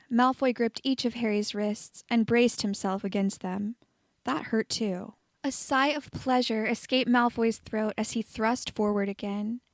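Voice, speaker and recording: A woman's voice: fairly high pitch, dry recording. Woman reading a story, dry close sound. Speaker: audiobook reader of fan fiction. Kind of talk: reading fiction aloud.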